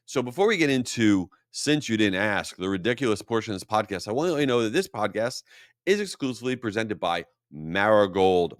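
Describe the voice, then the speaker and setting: A man hosting a solo marketing podcast, talking casually and telling stories with a self-mocking, animated manner. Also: lowish voice, no echo, studio quality. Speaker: podcast host.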